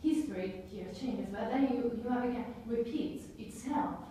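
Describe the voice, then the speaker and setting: A woman with a warm voice, speaking at a moderate pace, takes part in a seminar's casual group discussion, talking animatedly in English, which isn't her first language, with many fillers. The recording has a very echoey room, a distant mic and a faint rumble.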